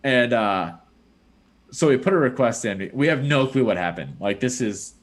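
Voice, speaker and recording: A man's voice: medium pitch, expressive, normal speed. A young man, a podcast host, telling a long rambling story in casual chat, full of "like" and "dude".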